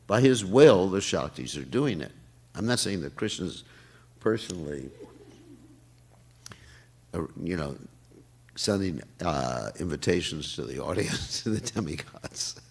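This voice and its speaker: Older man, gravelly voice, lively sermon. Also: low-pitched. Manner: animated and laughing often. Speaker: temple class speaker. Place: temple hall.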